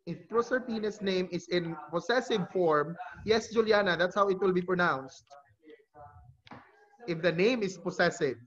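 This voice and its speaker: A male teacher gives an online lecture. His voice sits high. The audio is muffled, as over a video call, and he fixes his own slips as he explains. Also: measured pace, a bit bright. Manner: explanatory, with self-corrections. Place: home during a video call. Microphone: computer mic on a video call.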